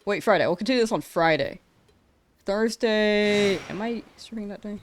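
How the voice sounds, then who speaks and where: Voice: medium pitch, normal speed, background noise. A game streamer at the end of a long live stream, tired and rambling, often correcting themselves and laughing, talking close to the mic. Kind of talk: casual live-stream chat. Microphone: close to the mouth.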